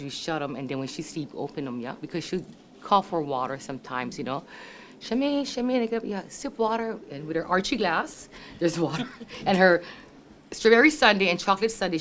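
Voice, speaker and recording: A woman in her sixties with a Hawaii local English accent shares family memories at a reunion in a deep, slightly bright voice, with slight background noise. She tells stories chattily, laughs often, and acts out her relatives' voices.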